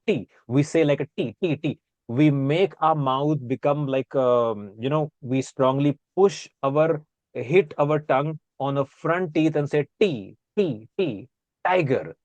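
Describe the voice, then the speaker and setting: A man with an Indian accent explains how words are pronounced, saying example words again and again to make each sound clear. His voice sits at an ordinary middle pitch. The sound is dry and close, with no room echo. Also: darkish tone. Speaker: guest speaker on accents. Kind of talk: casual explanatory chat.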